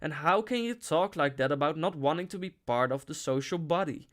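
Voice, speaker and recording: A man reading as a naive young woman, anxious, pleading, pitched up and louder, storybook reading. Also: expressive, fairly quick. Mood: distressed.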